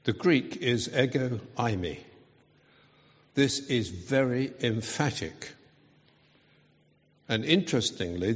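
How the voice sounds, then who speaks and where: A man preaching a sermon at a slow, deliberate pace. His delivery is earnest and emphatic. The sound is dull and rings with a long hall reverb. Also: medium pitch.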